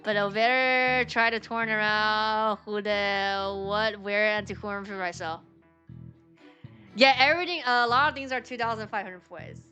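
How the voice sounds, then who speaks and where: A woman's voice: medium pitch, fairly even intonation, moderate pace, sharp tone, muffled recording, faint music behind. A woman streaming a game, reading its dialogue aloud and chatting in a rambling, filler-heavy way, laughing often. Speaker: VTuber streamer.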